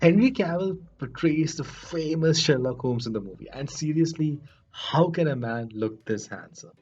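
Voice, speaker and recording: A man hosting a podcast, giving a casual spoken film review in an earnest, chatty, self-deprecating manner with a husky voice. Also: fairly high pitch, expressive, moderate pace, darkish tone, a little hiss or hum. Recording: dull lo-fi recording, faint music.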